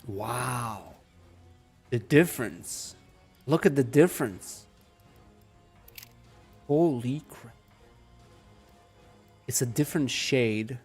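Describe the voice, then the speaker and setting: A young man with a calm, soft-spoken manner chatting casually with viewers while playing a game at home. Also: mid-range voice, slightly rough. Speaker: gaming streamer. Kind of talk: casual live game commentary. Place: home room.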